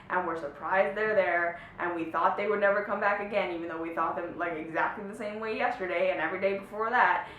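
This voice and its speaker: A woman giving a motivational self-help talk to camera, earnest and often checking in with "right?" and "okay?". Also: a bit bright. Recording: echoey room, slightly distant mic, faint rumble.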